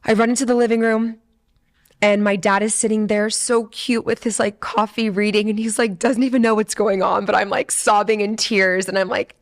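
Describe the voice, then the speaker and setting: A woman's voice: medium pitch, steady tone, normal speed. A woman in her twenties, a podcast host, telling a personal story in a candid, emotional, chatty way, full of fillers and the odd swear. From San Diego, USA. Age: 20s. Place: studio.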